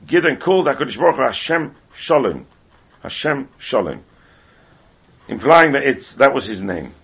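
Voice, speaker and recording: A man teaching a Talmud class, talking quickly and repeating words as he explains. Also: medium pitch, very animated, vocal fry, a bit bright, slightly rough, dull audio. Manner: rapid, heavily repeats words while explaining.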